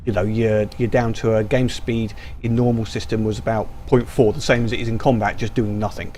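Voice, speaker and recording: A man's voice: fairly low pitch, flat delivery, fairly quick, darkish tone, a little hiss or hum. Rambling man doing gameplay commentary. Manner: rambling, many ums and restarts. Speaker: gaming YouTuber.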